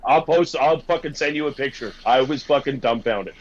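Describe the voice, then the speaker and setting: A man's voice: mid-range voice, moderate pace, dull audio. A Canadian man chatting casually over a video call from his home, swearing often and rambling through restarts. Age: adult with a young daughter. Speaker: podcast guest. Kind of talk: casual chat.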